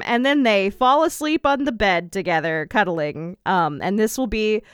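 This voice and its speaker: Host donna, tono secco e sarcastico, voce limpida e alta, registrazione asciutta. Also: female voice, mid-range voice, lively intonation, normal speed, clean tone, no room sound. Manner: dry, sarcastic, frequent ums. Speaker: podcast co-host. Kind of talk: casual recap chat.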